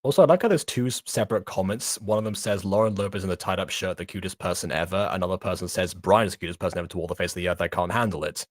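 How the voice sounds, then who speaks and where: A man's voice: low voice, rapid-fire, few pauses, no room sound, studio quality. A man co-hosting a reaction stream, chatting casually and rambling with frequent laughs. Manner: rambling, laughing between thoughts. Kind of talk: casual chat.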